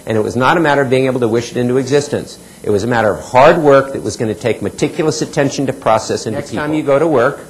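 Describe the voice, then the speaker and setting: A middle-aged man giving a motivational healthcare talk, telling stories and acting out quoted dialogue, his voice dropping low for emphasis. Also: slight background noise, poor audio. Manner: storytelling, acts out quoted dialogue, drops pitch for emphasis. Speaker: keynote speaker.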